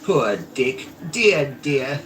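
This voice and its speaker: A man's voice: mid-range voice, animated, drawn-out words, a bit bright, pitched above the performer's own voice. A man voicing Scrooge, an old man, with eager emotional exclamations in a storybook reading. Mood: stirred. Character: miserly old man, moved and wistful. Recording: distant mic, faint background noise.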